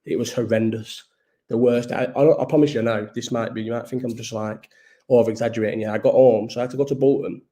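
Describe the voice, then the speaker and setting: A man talks to his viewers in a loose, meandering live chat. His voice is dark and mellow, and he sounds tired. He swears freely and keeps breaking off and restarting his sentences. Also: medium pitch, fairly even intonation, quick pace. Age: 30s. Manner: rambling, swears a lot, restarts and trails off. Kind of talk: casual chat.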